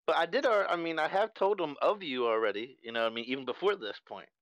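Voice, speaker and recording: A man playing a halting, dim adventurer. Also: a little high, a bit bright, dry recording. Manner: halting, stumbling speech. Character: dim-witted, honest male adventurer.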